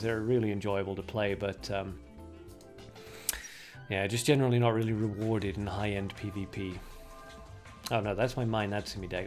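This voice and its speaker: A man streaming a card game, chatting casually and thinking aloud with plenty of fillers. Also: on the low side. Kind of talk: casual livestream commentary.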